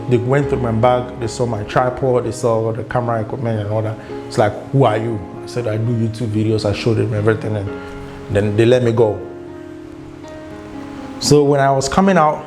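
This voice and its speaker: Young Ghanaian vlogger, mid-pitched, animated storyteller, guitar music playing underneath. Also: male voice. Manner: animated storytelling, acts out quoted dialogue. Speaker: travel vlogger. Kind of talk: casual storytelling vlog.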